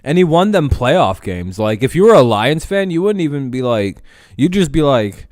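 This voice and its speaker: A man's voice: medium pitch, big pitch swings, moderate pace, a little mellow, no echo, clean studio sound. A man hosting a casual sports talk stream, blunt, profane and rambling. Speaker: host.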